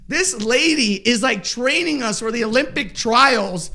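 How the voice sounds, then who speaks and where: High-voiced young man telling a story. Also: unhurried. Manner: animated storyteller, jumps into high voices to quote people. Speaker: podcast guest. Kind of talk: casual storytelling chat.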